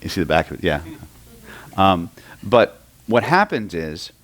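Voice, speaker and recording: Deep-voiced man lecturing a seminar. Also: big pitch swings, unhurried. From Oklahoma, US. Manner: storytelling, keeps checking in with the room. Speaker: hypnosis and NLP trainer. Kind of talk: live seminar lecture to an audience.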